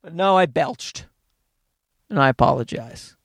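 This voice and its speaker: Male podcast host, high, bouncy voice, dry close mic, rambling and profane. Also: animated, measured pace, gravelly, no echo. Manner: rambling, profane, self-mocking storytelling with many restarts. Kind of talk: casual solo podcast monologue.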